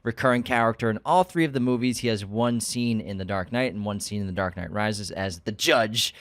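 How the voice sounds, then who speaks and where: A man co-hosting a podcast who runs through career facts and dates in a steady, matter-of-fact way during a casual chat. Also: fairly low pitch, a little fast, no echo, clean studio sound. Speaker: podcast co-host. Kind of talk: casual film discussion.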